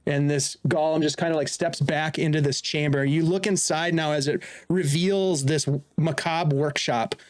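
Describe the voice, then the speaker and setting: A man's voice: on the high side, fairly even intonation, normal speed, hardly any pauses. A man running a tabletop game as dungeon master, narrating while searching for his words.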